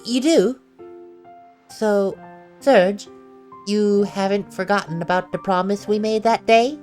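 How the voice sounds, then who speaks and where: A woman voicing a gentle, wistful teenage girl in a video game, reading in a soft, reflective way. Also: mid-range voice, lightly acted. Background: faint game music.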